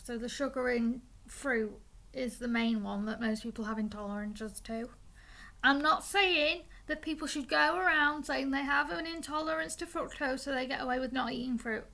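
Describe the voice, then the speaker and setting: High-voiced young woman with gravelly fry. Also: a bit bright. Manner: chatty, stumbles and restarts on words. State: has the hiccups. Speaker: vlogger. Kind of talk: casual explainer talk.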